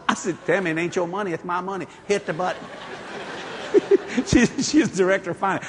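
A male preacher giving a sermon, telling stories with acted-out dialogue and breaking into shouts. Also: high voice, brisk, big-room sound, a little hiss or hum. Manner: animated storytelling, acting out dialogue, jumping to shouts.

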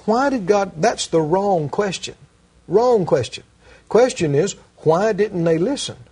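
A man's voice: high-pitched, expressive, slow pace, warm tone, slightly rough. A man who works as a minister, earnestly teaching and telling stories in a Christian conversation, repeating his key phrases for emphasis.

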